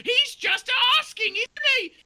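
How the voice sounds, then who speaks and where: Shrill bossy mother doe. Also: unhurried, vocal fry, full character voice. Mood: brash, shouting. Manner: shouting, squawky, rude.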